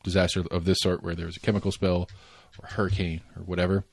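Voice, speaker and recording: A man's voice: low-pitched, level tone, fast talker, a little mellow, dry recording, studio quality. A man co-hosting a casual current-affairs podcast, rambling with lots of fillers and restarts and the odd swear word. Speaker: podcast co-host.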